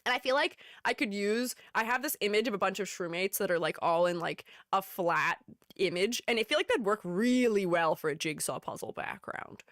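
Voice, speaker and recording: Woman streamer, bubbly and giggly, lively pitch, dry close sound. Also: moderate pace, no room sound. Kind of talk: casual live-stream chat.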